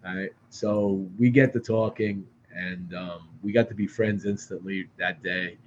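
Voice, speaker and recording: A man's voice: lowish voice, measured pace, hardly any pauses, a little hiss or hum. Profane storytelling man, slightly muffled. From Boston area. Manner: animated, profane, frequent restarts. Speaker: podcast guest. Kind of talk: casual storytelling. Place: studio.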